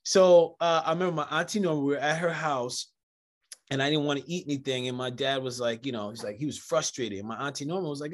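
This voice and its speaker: A man with a fairly high voice hosts a relaxed talk show, leaning into his stories. He acts out relatives' voices with big swings in pitch, jumping up loud when something surprises him. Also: brisk. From United States, Jamaican family. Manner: animated storyteller, acts out quoted voices. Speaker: podcast host. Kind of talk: casual conversation.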